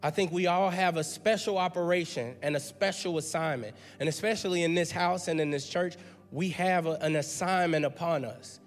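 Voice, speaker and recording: A male pastor delivers an emphatic, conversational sermon in a church sanctuary, repeating words as he builds his point. His voice sits on the high side at a normal speed. Faint music plays behind him, and the recording carries a long hall reverb.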